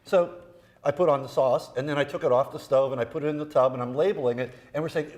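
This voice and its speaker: A man's voice: a little high, fast, a little mellow. A man chef doing a cooking demonstration in a TV studio kitchen, joking and rambling through stories as he works. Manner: jokey, rambling storyteller. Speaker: guest chef. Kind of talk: cooking demo chat.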